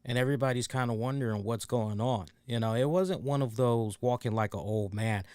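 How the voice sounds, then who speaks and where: A man's voice: medium pitch, a little fast, a little mellow, clean tone, no room sound. Male podcast host, casual storytelling, profane, frank, dry close sound. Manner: frank, profane, many fillers.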